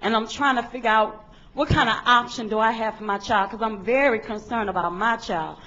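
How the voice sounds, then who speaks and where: A woman's voice: a little high, fairly quick, pushed and bright. A woman, a parent speaking plainly and earnestly in public testimony at a board meeting. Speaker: parent giving public comment. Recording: dull lo-fi meeting recording.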